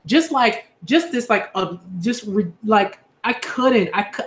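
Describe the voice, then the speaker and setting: Earnest high-voiced man in echoey room. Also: animated, slow pace, a bit bright. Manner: earnest, repetitive, many fillers and restarts. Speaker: YouTube commentator. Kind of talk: casual monologue to camera.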